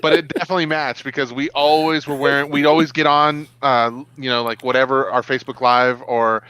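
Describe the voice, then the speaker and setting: A man co-hosting a casual online talk show, telling stories in an animated way. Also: medium pitch, brisk, clear, resonant tone. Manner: animated storyteller. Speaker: co-host. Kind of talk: casual chat.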